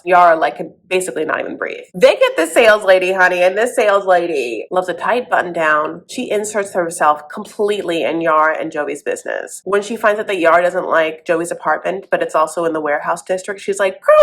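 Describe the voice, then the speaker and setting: Sarcastic woman host, sassy recap commentary, mid-pitched, calls everyone honey. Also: fairly bright tone. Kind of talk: comedic commentary.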